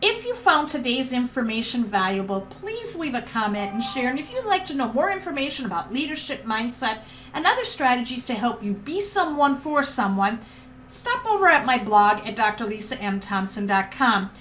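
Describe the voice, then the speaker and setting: A woman's voice: on the high side, big pitch swings, normal speed, a bit bright, slight background noise. A woman hosting a podcast, giving an upbeat and encouraging motivational lesson on leadership. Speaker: podcast host teaching leadership.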